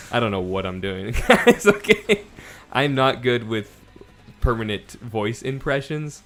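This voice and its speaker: Animated joking man on a stream. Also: mid-range voice, unhurried, faint music behind. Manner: joking, deadpan absurd bits. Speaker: livestream co-host. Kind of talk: casual gaming livestream chat.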